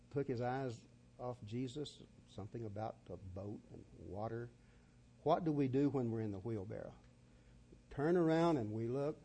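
A man's voice: mid-range voice, dark tone. A man preaching a sermon, folksy and full of stories. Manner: storytelling, folksy.

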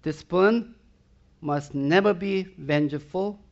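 Slow gravelly preacher man. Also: a little high, dull audio. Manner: emphatic preaching with repeated rhetorical questions to the congregation. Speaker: pastor. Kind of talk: sermon.

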